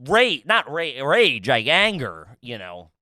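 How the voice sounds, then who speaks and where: A man's voice: medium pitch, huge pitch swings, slow, pushed and bright, no room sound. A man co-hosting a podcast, telling a story in casual chat, swearing a lot and full of animation. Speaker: podcast co-host.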